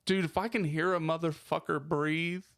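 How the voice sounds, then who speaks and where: A man with a somewhat high voice co-hosts a casual podcast, blowing small annoyances out of proportion with heavy swearing. He is recorded up close on a podcast microphone. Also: steady tone, normal speed, a bit bright, no room sound. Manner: ranting, exaggerated complaints, heavy swearing. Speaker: podcast co-host. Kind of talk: casual profane podcast banter.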